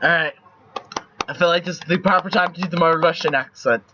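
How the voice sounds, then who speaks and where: Against a noisy background, a young man talks a little fast in a slightly high voice. He's streaming a text game, reading its story text out loud and chatting in a loose, profane way, and his lo-fi stream mic sounds dull.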